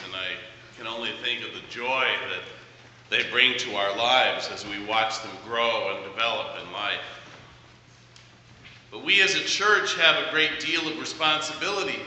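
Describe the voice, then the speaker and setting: Earnest preacher in an echoey hall. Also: male voice, medium pitch, bright, forceful tone, a little hiss or hum. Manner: storytelling, earnest and measured. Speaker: pastor. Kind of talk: sermon. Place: church sanctuary. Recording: echoey church hall from a distance.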